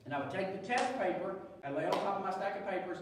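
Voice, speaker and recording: A male pastor with a drawl tells a story from the pulpit, cracking jokes and slipping into other people's voices as he goes. His voice sits a little high, and it rings through a large hall with long reverb. He is picked up from some distance away from the microphone. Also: fast, background noise. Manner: animated, joking, acts out quoted voices. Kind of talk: sermon storytelling. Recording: echoey church hall, far from mic.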